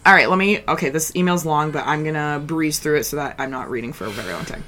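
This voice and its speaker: Low-voiced nonchalant woman podcaster. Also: fast talker. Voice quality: nonchalant, flat delivery. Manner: filler-heavy, rambling with many "like"s. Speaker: podcast co-host. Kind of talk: casual podcast chat.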